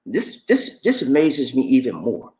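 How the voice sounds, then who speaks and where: An animated man delivering a preachy vlog monologue straight to his viewers. His pitch swings widely as he lectures, and he keeps calling out to the viewer with "man". The delivery is loose and conversational. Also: measured pace. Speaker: YouTube creator.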